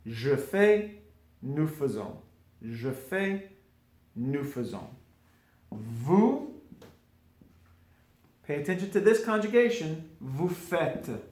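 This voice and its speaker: A man giving an informal French grammar lesson, drilling conjugations slowly and repeating each form with small asides. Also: on the high side, big pitch swings, a little mellow. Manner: slow, repetitive drilling with asides. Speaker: French teacher. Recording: echoey room.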